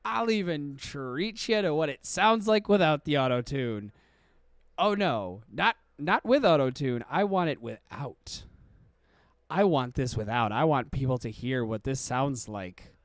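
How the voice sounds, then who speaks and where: A man's voice: medium pitch, expressive, measured pace, no echo, clean studio sound. A male podcast host giving casual streamed commentary, with profane, exaggerated ranting.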